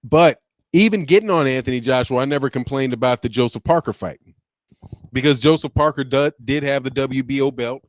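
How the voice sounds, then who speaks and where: A man's voice: mid-range voice, a little fast, no room sound, studio quality. A man hosting a casual boxing talk stream, rambling conversationally, restarting sentences and reading out viewer comments. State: sleepy, yawning. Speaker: boxing channel host.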